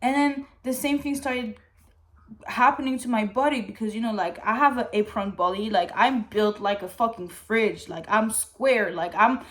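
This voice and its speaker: A woman chatting casually to her channel in a rambling, candid way, full of "like" fillers and swearing, at times getting emotional. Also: medium pitch. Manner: swears freely; emotional, gets teary. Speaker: vlogger. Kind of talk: casual chat.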